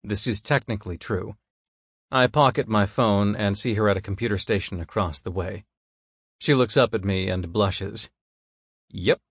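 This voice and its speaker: Male audiobook narrator, measured and even, low pitch, dry booth. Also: husky, no echo. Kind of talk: first-person scripted narration.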